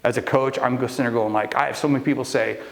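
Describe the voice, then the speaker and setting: A man's voice: medium pitch, fairly even intonation, rapid-fire, vocal fry. A middle-aged man coaching a live group, telling a long story with fillers and restarts and acting out the people in it. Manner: storytelling, acts out quoted people. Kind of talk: motivational talk to a live group.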